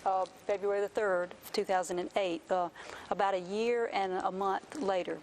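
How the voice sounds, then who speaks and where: A woman, a mother telling an emotional personal story as an interview guest, earnest and animated. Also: mid-range voice, normal speed, slight background noise. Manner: earnest, animated retelling with quoted voices.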